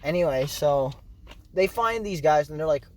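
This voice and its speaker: A man's voice: fairly high pitch, expressive, moderate pace. A young man co-hosting a comedy podcast, swearing freely and laughing often as he jokes through a film recap. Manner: crude, joking, laughs a lot. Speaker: podcast co-host. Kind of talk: casual comedic chat. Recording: faint background noise.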